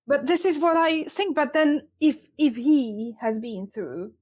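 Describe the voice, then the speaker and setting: A woman's voice: high voice, measured pace, a little mellow. A woman co-hosting a casual book discussion podcast, chatty and hesitant, often laughing and filling gaps with "like". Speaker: podcast co-host.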